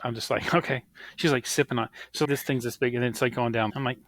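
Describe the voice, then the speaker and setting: A man's voice: medium pitch, quick pace. A man in his thirties co-hosting a podcast, telling stories in casual chat and acting out the voices of people in them. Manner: animated storyteller, acts out quoted voices. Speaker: podcast co-host.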